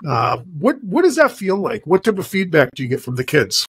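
An earnest podcast co-host, a man with a slightly higher-than-usual voice, muses on what he has just heard before asking the guest more. The recording is dry and close, with no room echo. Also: huge pitch swings, brisk, slightly rough. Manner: earnest and reflective, asks follow-up questions. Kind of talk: interview questions and reflection.

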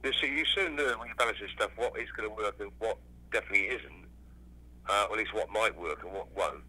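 A man's voice: lowish voice, fast, bright, forceful tone, a little hiss or hum, low-quality recording. A man, a musician guest chatting casually, swearing freely and restarting his sentences. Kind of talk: casual interview chat.

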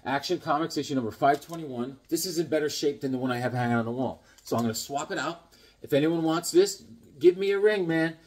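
Fairly high-pitched and fairly quick with a darkish tone, this middle-aged vlogger talks casually through an unboxing of comics he got. His stories ramble with enthusiasm and feature acted-out voices.

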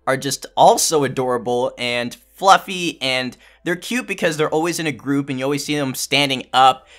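Young man, gaming YouTuber, bright tone, hyped, casual commentary. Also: medium pitch, normal speed. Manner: hyped, enthusiastic.

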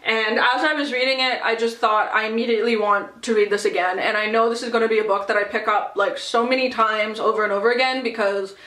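Young woman book vlogger, bright-voiced and gushing, chatty casual review in a roomy space. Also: fairly high pitch, steady tone, brisk, few pauses. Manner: gushing, chatty, many fillers and "like". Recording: echoey room.

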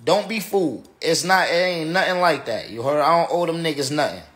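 A man's voice: fairly high pitch, lively intonation, fairly quick, a bit bright. A tipsy man, a battle rapper, ranting on a livestream in an emphatic, repetitive, slangy way. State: tipsy from drinking. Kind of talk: casual livestream rant.

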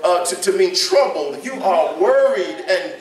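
High-voiced preacher in an echoey church. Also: male voice, animated, unhurried. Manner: call-and-response preaching, repeating phrases, rising to shouts. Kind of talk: sermon. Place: church sanctuary. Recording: echoey church room, mic at a distance, congregation audible.

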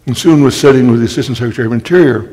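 An older man, a guest speaker, telling wry anecdotes in a storytelling talk and clearing his throat often. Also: mid-range voice, racing, mellow. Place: library talk hall. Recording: long hall reverb.

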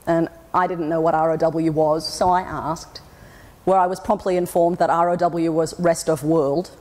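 This Australian woman's keynote is humorous, full of wry tales and impressions of other people. Her low, darkish voice moves at a moderate pace with fairly flat intonation, set in a hall with lengthy reverb.

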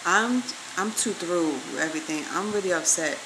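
A woman's voice: fairly low pitch, moderate pace, noisy background. A woman vlogging to her viewers, venting emphatically and swearing freely as she talks straight to the camera. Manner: emphatic, profane, addresses viewers directly.

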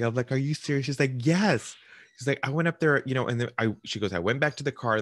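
In a casual client interview he hosts, a realtor tells a story and acts out the voices of people on the phone. His voice is fairly low in pitch yet fairly bright in tone, recorded with clean studio sound and no echo.

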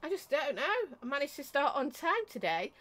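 A woman with a high voice hosts a casual live stream from her desk at home. She chats warmly with her viewers and greets each one by name. Now and then she stops to cough or clear her throat. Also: big pitch swings, brisk. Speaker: vape reviewer and livestream host.

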